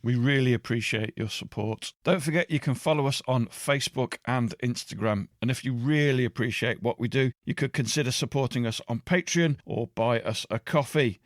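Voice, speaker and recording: A man's voice: mid-range voice, moderate pace, few pauses, no room sound. Male host reading a dry outro. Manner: steady, read-out delivery. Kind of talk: scripted outro. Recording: dry close studio sound.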